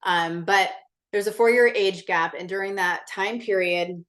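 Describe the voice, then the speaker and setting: A woman's voice: mid-range voice, steady tone, a little slow, a bit bright. A woman guest in a casual interview, telling a personal story in a candid, intense way, swearing freely and filling her talk with "like". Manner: chatty, many "like" fillers. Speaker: podcast guest.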